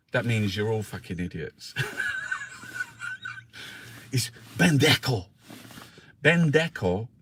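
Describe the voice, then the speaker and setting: A man's voice: mid-range voice, a bit bright. A man hosting a casual live newspaper review, swearing often and chatting to his viewers with jokey asides. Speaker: livestream host reviewing newspapers. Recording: faint background noise.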